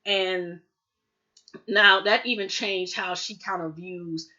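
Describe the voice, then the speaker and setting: Woman rambling thru a tv recap, mid pitch, lots of like and you know, kinda dull lo-fi sound. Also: steady tone, slow. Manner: chatty, rambling, heavy with fillers like "you know" and "like"; jumps into higher, louder voices when quoting characters. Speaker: TV show reviewer, host. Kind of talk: casual spoken episode recap. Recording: dull lo-fi audio.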